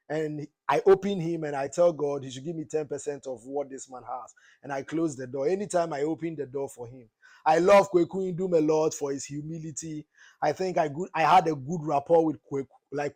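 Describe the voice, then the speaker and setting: A man's voice: fairly high pitch, a little mellow. A man from Ghana with a Ghanaian accent, speaking as a political commentator in a passionate, preachy monologue that slips into Twi words. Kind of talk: casual opinionated monologue.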